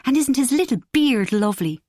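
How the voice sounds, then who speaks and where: A woman's voice: sits high, lively intonation, brisk, dark tone, no room sound, studio quality, pitched above the performer's own voice. A woman voicing a gushing, doting mother. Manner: gushing, affectionate. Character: warm, effusive middle-aged Irish mother.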